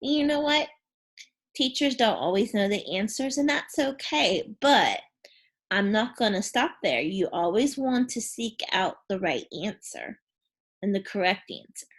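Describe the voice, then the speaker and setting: A woman teacher leads young pupils through a phonics and spelling lesson, asking questions and encouraging them in a deliberate classroom manner. Her voice is medium-pitched and very animated.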